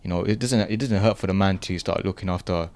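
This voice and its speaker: A man's voice: low voice, fast talker, a little mellow. A man co-hosting a casual podcast discussion, explaining his points through long worked examples. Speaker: podcast co-host.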